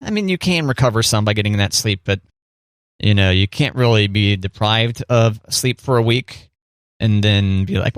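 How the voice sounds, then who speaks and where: A man co-hosts a podcast in a fairly low, smooth voice at a moderate pace, chatting casually and cracking playful jokes. The recording is dry and studio quality.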